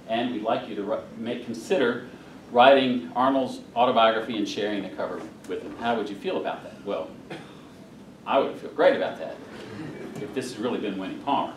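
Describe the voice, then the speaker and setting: In a meeting hall, a middle-aged guest speaker from North Carolina tells humorous stories to a club, folksy in manner and chuckling through the punchlines. He speaks briskly at medium pitch. The audio, taken from a distant room mic, is roomy with slight background noise.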